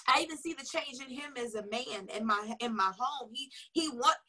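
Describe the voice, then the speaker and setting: Woman coach giving a pep talk, high voice kinda husky, punches and repeats her points. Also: moderate pace, bright, forceful tone, rough recording. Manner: emphatic, repeats key phrases; casual and chatty. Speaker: sales coach.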